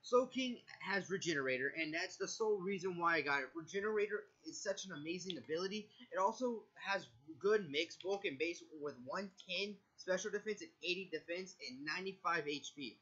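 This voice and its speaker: High, bright-voiced nervous man. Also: expressive, a little fast, hardly any pauses, husky, muffled recording. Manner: stumbling, self-correcting delivery. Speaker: video creator. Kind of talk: casual draft analysis monologue.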